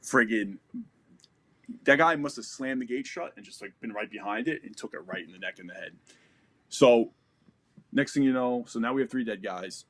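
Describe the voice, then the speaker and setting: A man's voice: mid-range voice, moderate pace, long pauses, fairly bright tone. Profane American man telling a war story. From United States. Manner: profane, vivid, re-enacts dialogue. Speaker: podcast guest.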